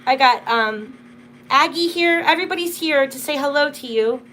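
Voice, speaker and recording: A woman's voice: high-pitched, normal speed, bright, forceful tone, a little hiss or hum. A young woman hosting a casual livestream from home, telling stories in a chatty way full of fillers. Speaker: livestream host.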